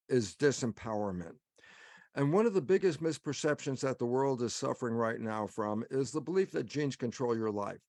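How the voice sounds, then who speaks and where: A man's voice: medium pitch, no room sound. A man lecturing on a webinar, emphatic, posing his own questions and then answering them. His voice sits in a middle register. The sound is dry and close, with no room around it. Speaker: guest speaker.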